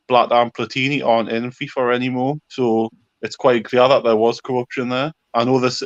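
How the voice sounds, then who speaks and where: Man hosting a live stream, rambling and opinionated; muffled lo-fi sound. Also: medium pitch. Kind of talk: casual live stream chat.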